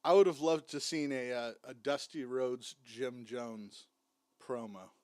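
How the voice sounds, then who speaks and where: A man's voice: mid-range voice, fairly even intonation, a little slow, darkish tone, no room sound. A man hosting a watchalong stream, mocking and swearing through casual commentary while clips play. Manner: mocking, swears a lot, talks over clips. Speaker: stream host.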